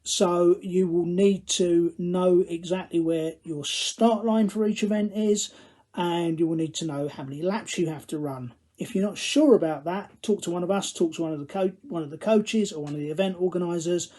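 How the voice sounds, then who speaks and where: A man's voice: high voice, moderate pace, dark tone. A male running coach giving instructional advice to camera, glancing at his notes, with dry self-deprecating humour.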